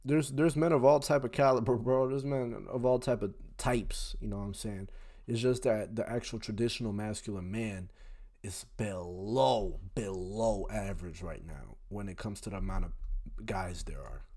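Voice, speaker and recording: A man's voice: lowish voice, moderate pace, mellow. A young man hosting a reaction video, talking in a casual, emphatic, slangy way. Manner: emphatic, slangy, keeps saying "bro".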